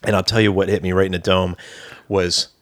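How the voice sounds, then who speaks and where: Brief: man, podcast co-host, easygoing and chuckling, lowish voice, dry sound. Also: little pitch movement, brisk, a bit bright, no room sound. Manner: easygoing, chuckling, eager storyteller. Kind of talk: casual chat.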